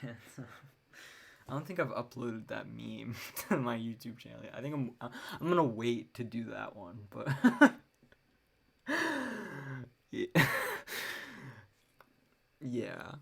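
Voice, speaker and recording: A young woman hosts her podcast alone, her very deep voice sing-song, creaky, and husky yet fairly bright in tone. She speaks slowly with long pauses, ranting casually and profanely with wry laughs.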